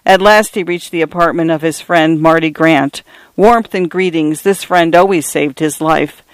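A man reads literary fiction aloud with a measured, wry touch. His voice sits a little high for a man. The sound is close and dry, with no room around it. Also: smooth, no echo. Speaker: audiobook narrator.

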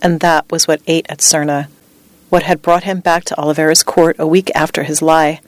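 A woman reading a true story as scripted narration, with a measured, even delivery. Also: sits low, no echo.

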